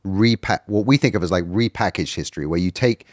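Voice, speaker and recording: A middle-aged British documentary filmmaker, a guest in a casual podcast chat, telling a long story with rambling restarts. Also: male voice, sits low, brisk, a little mellow, no echo, clean studio sound. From Britain.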